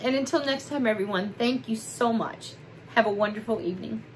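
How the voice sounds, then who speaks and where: A woman's voice: on the high side, a little fast, slight background noise, low-quality recording. Gushing, emotional woman vlogger. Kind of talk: casual haul vlog chat. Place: home, at a desk.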